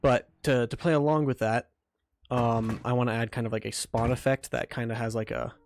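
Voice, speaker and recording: A man's voice: medium pitch, steady tone, normal speed, a little hiss or hum. Rambling man streaming game development. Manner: rambling, many fillers and restarts. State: eating while talking. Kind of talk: casual livestream chat.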